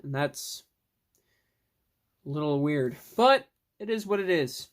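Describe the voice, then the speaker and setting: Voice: medium pitch, expressive, takes it slowly. A person casually reviewing films in a video, rambling and restarting sentences, with the odd swear word. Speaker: film vlogger.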